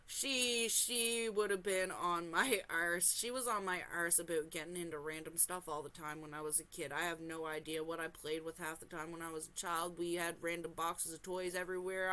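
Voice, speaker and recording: A woman hosting a reaction channel, reading a forum story aloud and breaking off into animated, exclaiming, apologetic asides. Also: fairly low pitch, moderate pace.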